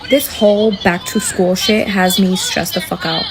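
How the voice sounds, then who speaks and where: A woman's voice: medium pitch, very animated, normal speed, music in the background. A mother venting bluntly and irritably, swearing as she complains. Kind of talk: profane venting rant.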